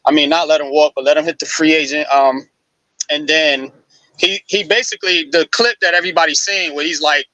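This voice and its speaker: A man breaking down football news on a live sports talk show, casual and animated, with frequent restarts. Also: a little high, brisk, no echo, poor audio.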